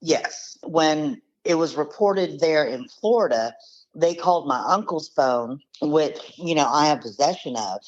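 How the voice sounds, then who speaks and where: An expressive, unhurried woman with a low voice casually and bluntly recounts the losses her uncle suffered in a scam, acting out what was said with strong emphasis. She's his niece, appearing as a guest. The recording lacks high frequencies.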